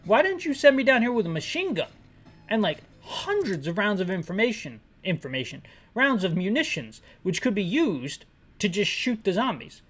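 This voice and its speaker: A woman's voice: medium pitch, sing-song, normal speed, a bit bright. A woman giving comedic, sarcastic commentary on an old game with audio description, rambling and correcting herself as she goes. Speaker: game retrospective narrator and describer.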